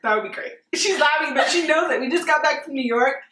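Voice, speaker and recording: A woman's voice: high-pitched, fast, bright, forceful tone, roomy sound, slight background noise, poor audio. A woman chatting casually on a friend's vlog, teasing and laughing often, with lots of "like". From Latin American background. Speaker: guest co-host. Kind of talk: casual chat.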